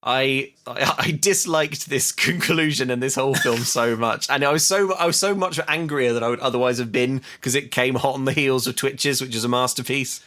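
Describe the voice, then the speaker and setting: Bright-voiced laughing podcast man. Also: mid-range voice, moderate pace, few pauses. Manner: eager retelling, laughs often. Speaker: podcast co-host. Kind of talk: casual comedic film chat.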